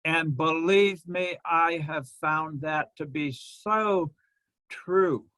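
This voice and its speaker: Slow, high-voiced man preaching. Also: bright, forceful tone, no echo. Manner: slow, measured preaching with pauses. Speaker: minister. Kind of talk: sermon.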